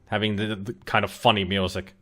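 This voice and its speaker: A man's voice: on the low side, flat delivery, fairly quick. A man giving casual, joking commentary while playing an old computer game, chatting and muttering asides. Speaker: let's play host. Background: faint game music.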